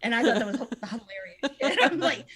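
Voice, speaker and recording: A woman's voice: fairly high pitch, animated, brisk, fairly bright tone. Laughing, easygoing woman co-host. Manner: easygoing, laughs often, agrees a lot. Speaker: podcast co-host. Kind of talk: casual chat.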